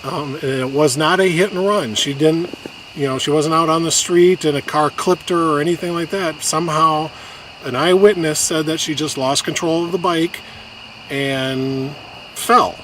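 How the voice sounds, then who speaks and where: Guy telling a hard story on a trail, halting, voice breaking up, lots of noise around. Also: on the high side, a bit bright. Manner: halting, many restarts, gets choked up. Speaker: vlogger telling a personal story. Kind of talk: emotional personal storytelling. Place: outdoors on a hiking trail. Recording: noisy outdoor recording.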